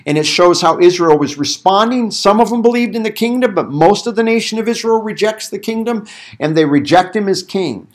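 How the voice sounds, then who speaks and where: A man teaching a Bible passage in a conversational sermon, animated and given to acting out quotes. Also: on the high side. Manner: animated, acts out quoted voices, thinks aloud with restarts. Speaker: pastor teaching a Bible study.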